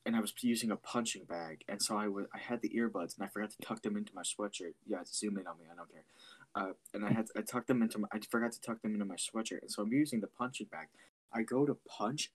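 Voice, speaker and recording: Husky young man telling a rambling story. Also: lowish voice. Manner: rambling storyteller, self-deprecating. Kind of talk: casual chat.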